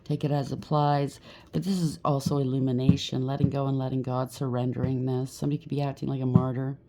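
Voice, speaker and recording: Low gravelly woman reading tarot. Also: little pitch movement, fast talker, heavy background noise. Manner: chatty, repeats "okay?" and "right?" to the viewer. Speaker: tarot reader. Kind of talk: casual tarot card reading.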